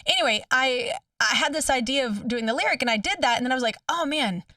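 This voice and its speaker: Bright high-voiced woman, chatty guest. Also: expressive, fast talker, no room sound, clean studio sound, far from the mic. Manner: chatty, laughs often, lots of fillers. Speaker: singer, interview guest. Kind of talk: casual radio interview chat.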